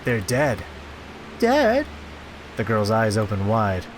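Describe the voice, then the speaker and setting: A man reading a visual novel aloud as a streamer, with quick asides of his own. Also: medium pitch, background noise. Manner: expressive, quick asides between read text. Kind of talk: reading a game aloud with commentary.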